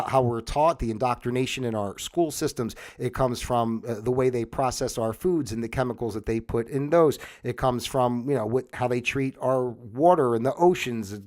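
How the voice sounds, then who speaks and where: A man's voice: medium pitch, a little mellow. A middle-aged man hosting a livestream, talking in a rambling casual monologue full of fillers and restarts. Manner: mocks a newscaster in a put-on solemn voice. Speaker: livestream host.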